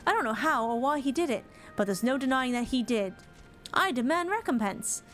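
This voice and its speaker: A woman's voice: high-pitched, expressive, a little fast, fairly bright tone, soft background music. A woman voicing an aggrieved bird-keeper in a video game who speaks in a folksy drawl and demands payback. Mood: indignant.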